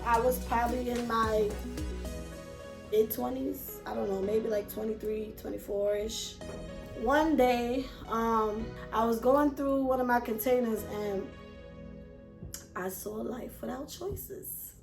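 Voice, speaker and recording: Animated woman with a high voice, echoey room. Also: slow, gravelly. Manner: animated, acts out her own past thoughts with swearing. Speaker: vlogger and self-published author. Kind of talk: casual storytelling to camera. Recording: echoey room with music playing behind.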